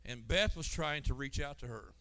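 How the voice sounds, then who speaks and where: A man who leads church youth, telling a congregation about a church outing in a halting way with restarts and an occasional amen. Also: medium pitch, lively intonation, bright, forceful tone, low-quality recording. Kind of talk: recounting a trip to a church congregation.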